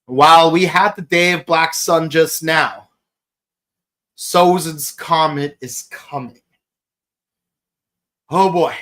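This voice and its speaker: A man in his thirties hosting a podcast, gushing through an excited solo review with many fillers and exclamations. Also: fairly high pitch, slow, pauses often. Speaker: podcast host reviewing an episode.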